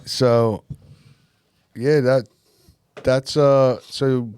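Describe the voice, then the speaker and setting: A man's voice: mid-range voice, fairly even intonation, extremely slow, a little mellow, clear, resonant tone, no echo. A man co-hosting a podcast, telling a story in a rambling, crude way. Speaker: podcast co-host. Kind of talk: casual storytelling chat.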